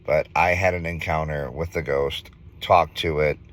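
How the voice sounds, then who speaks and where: A man in his thirties from Minnesota, earnestly telling a ghost story in a casual vlog, halting with fillers. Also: rumbling low, steady tone, fairly bright tone. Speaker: vlogger.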